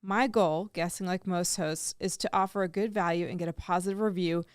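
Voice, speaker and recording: A woman's voice: fairly low pitch, fairly even intonation, fairly quick, smooth, no echo. A woman co-hosting a radio show, reading listener letters aloud in an upbeat, amused way into a studio microphone. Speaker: radio co-host.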